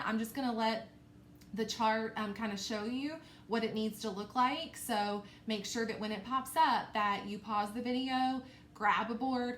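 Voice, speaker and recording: A woman teacher leading a recorded phonics lesson for young children, stretching out words slowly and checking in with frequent okays. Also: a little high, a bit bright. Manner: slow, exaggerated sounding-out of words. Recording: echoey room with faint noise.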